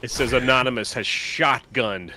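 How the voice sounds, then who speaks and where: A man co-hosting a gaming stream with dry, teasing, deadpan quips. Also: medium pitch, moderate pace, noisy background. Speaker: channel owner, co-host. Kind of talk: casual gaming stream chat.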